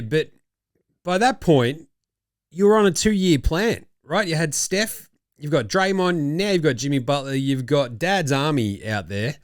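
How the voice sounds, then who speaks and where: An Australian man hosting a casual sports talk show, animated and swearing freely. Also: a little high, no echo, clean studio sound. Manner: animated, swearing, laughing asides. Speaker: podcast host.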